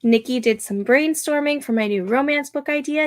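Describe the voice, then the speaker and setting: A woman's voice: high-pitched, moderate pace, dry recording. A young adult woman hosting a casual livestream from home at night, chatting with viewers and talking to her dog. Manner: talks to her dog between remarks to viewers. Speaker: livestream host. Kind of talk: casual chat to a livestream audience.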